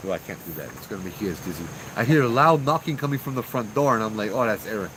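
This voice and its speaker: A man telling his own ghost story in a casual, slangy, animated way, acting out what people said. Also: on the low side, racing, slight background noise, poor audio.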